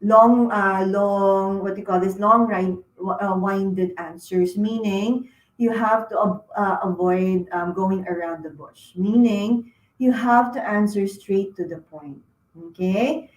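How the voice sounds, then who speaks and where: A woman's voice: mid-range voice, slow, reverberant, rough recording. A woman giving interview advice to students, with lots of fillers and frequent "okay?" check-ins. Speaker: career talk speaker. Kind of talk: career advice talk to students.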